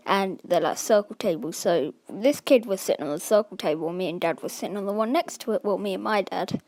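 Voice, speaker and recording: A woman's voice: mid-range voice, darkish tone, no room sound. Rambling woman telling a story. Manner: rambling, full of "like" and "um" fillers. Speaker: vlogger. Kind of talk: casual storytime.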